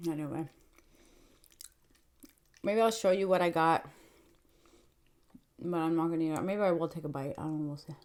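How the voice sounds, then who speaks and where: A woman's voice: low-pitched, normal speed, long pauses, darkish tone. A young woman telling a story in casual vlog chat, full of fillers and acted-out quotes. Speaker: mukbang vlogger.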